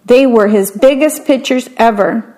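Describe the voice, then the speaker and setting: A woman reading a children's picture book aloud, pausing to describe the pictures in a chatty aside. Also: on the high side, a little mellow, poor audio. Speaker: storybook reader.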